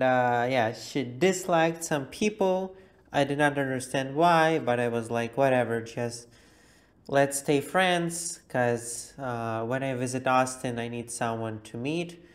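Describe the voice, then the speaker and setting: A man leaving casual voice messages in a group chat, bantering in a slow drawling cowboy manner. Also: medium pitch.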